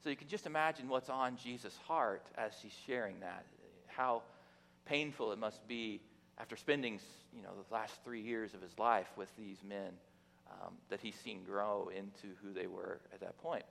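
A man's voice: on the low side, moderate pace, gravelly, a bit bright. A man giving a casual, joking sermon from the pulpit, talking in a conversational way with frequent restarts and fillers. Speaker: guest preacher. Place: church sanctuary. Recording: long reverb of a church hall.

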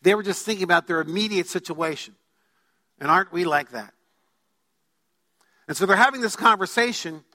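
A man's voice: high-pitched, moderate pace, pauses often, pushed and bright. A man preaching a sermon as pastor, emphatic, putting questions to his congregation. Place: church sanctuary. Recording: long hall reverb.

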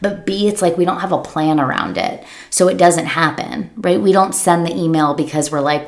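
Emphatic business coach woman, low-pitched. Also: normal speed, few pauses. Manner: emphatic, repeats key phrases, acts out clients' worried inner voices. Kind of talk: motivational coaching talk.

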